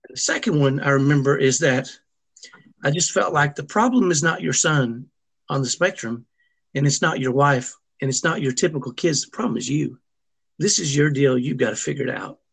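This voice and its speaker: A man's voice: on the high side, lively intonation, gravelly, a bit bright, slightly rough. A middle-aged man telling a personal family story as an interview guest, earnest and emotional, often restarting his sentences. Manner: earnest, halting, with frequent restarts.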